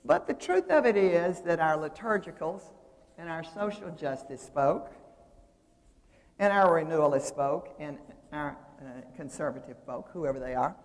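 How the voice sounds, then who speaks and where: A woman's voice: deep voice, unhurried. Older woman lecturing in a reverberant hall. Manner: lively, discursive, explaining at a drawing board. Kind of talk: seminary lecture.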